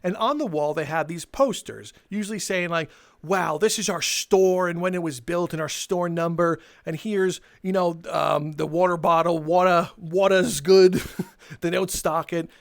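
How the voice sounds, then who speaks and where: Young guy ranting about his old job, kinda high voice, laughs and swears a lot. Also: unhurried, vocal fry. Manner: animated, swearing, laughs mid-sentence, acts out quotes. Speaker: storytelling YouTuber. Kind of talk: casual storytelling vlog.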